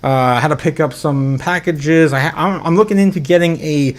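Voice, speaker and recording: A man's voice: on the high side, brisk. A man hosting a casual livestream, chatting and reading out viewer comments with frequent chuckles and restarts. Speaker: livestream host.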